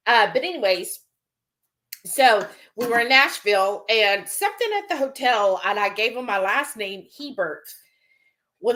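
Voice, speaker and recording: Woman host for a live cooking stream, fairly high voice, chatty storyteller reading chat aloud. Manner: chatty storyteller, quick animated asides. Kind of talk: casual chat, reading viewer comments aloud.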